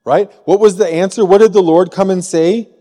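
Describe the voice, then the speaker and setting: A man from Missouri preaching a sermon as pastor, in a conversational way, often asking the room a quick "right?". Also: high voice, fairly even intonation, dark tone, in a large hall. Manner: conversational, frequent rhetorical "right?". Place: church sanctuary.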